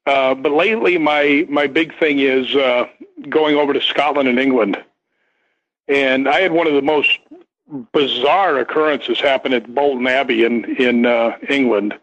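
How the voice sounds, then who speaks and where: An older stunt performer, guesting on a radio talk show, tells a long story in a rambling way, restarting often and repeating words. His voice is mid-range, moderately paced, and a bit bright, heard through dull lo-fi radio sound.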